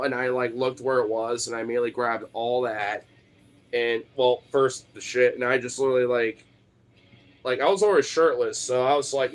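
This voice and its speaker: A man's voice: mid-range voice, fairly even intonation, normal speed. A young man telling a personal story in a casual, rambling way, swearing freely and swinging from laid-back to exasperated.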